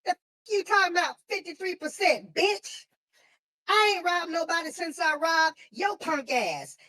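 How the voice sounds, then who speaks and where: A woman voicing a crude, foul-mouthed young boy, brash and taunting, in a high squeaky put-on child voice. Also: lively intonation, moderate pace, pushed and bright, full character voice. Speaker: prank voice on a call-in show.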